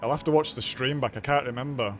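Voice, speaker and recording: A man's voice: medium pitch, fast, soft background music. A man streaming a racing game live, talking casually as he reacts to the race.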